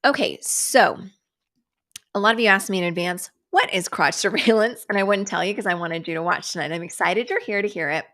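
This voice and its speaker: A middle-aged woman hosting a casual livestream, sarcastic and animated, swearing freely and dropping to whispers for asides. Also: mid-range voice, fairly quick. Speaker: livestream host. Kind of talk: casual chat.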